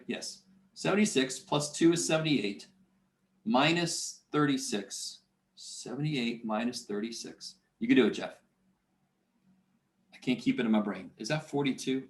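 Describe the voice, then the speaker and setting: A man's voice: mid-range voice, moderate pace, vocal fry, reverberant. A man teaching a math lecture, talking himself through the arithmetic and muttering curses under his breath. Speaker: math instructor. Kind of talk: recorded classroom lecture.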